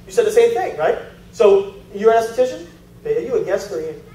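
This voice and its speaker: High-voiced man pitching in an echoey room. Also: very animated, fairly quick, mellow. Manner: chatty storyteller, asks audience questions. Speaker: sales presenter. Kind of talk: live sales presentation to a group. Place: meeting room with an audience. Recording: echoey room, heard from far off.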